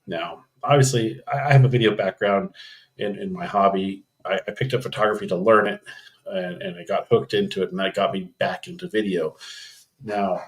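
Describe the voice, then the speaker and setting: A man's voice: fairly low pitch, moderate pace. Rambling man hosting a live stream. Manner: rambling, thinks aloud, frequent ums and restarts. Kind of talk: casual live-stream chat about camera news.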